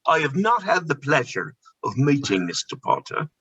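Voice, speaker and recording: A man's voice: mid-range voice, big pitch swings, normal speed, fairly bright tone, husky, highs cut off, voice pushed up, exaggerated voice. A man voicing a haughty older male wand keeper with a put-on English accent, lilting and prim. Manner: prim and evasive.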